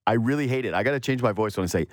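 Rapid-fire and animated, a sports radio host rambles casually through his thoughts, and the studio-quality recording has no echo. When he quotes someone, he mimics them in a higher voice.

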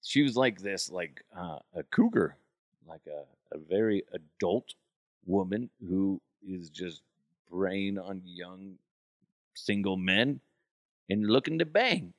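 A man's voice: deep voice, expressive, dry recording, studio quality. A man hosting a podcast, telling stories in a loose, profane, rambling way. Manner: loose, profane, rambling, with quick jumps into put-on voices. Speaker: podcast host. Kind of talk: casual storytelling chat.

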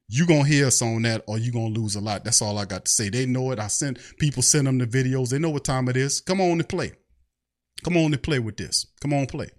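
A man hosting a fan show, ranting in an angry, profane way. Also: medium pitch. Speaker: sports fan show host. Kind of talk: heated fan rant.

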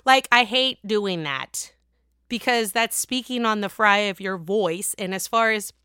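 A woman with a Pittsburgh accent hosting a gossip podcast, chatting casually with lots of swearing and sudden bursts of loudness. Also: medium pitch, measured pace, clean tone, no echo, studio quality. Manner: chatty, profane, animated swings in loudness. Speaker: podcast host.

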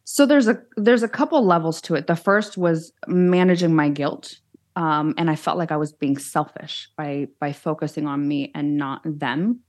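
A woman with a low, full voice speaks as a guest on an interview show. She is frank and plain-spoken, telling her own story in an animated, candid way. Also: normal speed. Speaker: guest, social media influencer.

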